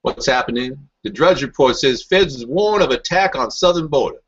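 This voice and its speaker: A man's voice: mid-range voice, expressive, normal speed, fairly bright tone, husky, lo-fi sound. A man hosting a rambling political talk show, answering live chat in a combative, mocking and sarcastic way.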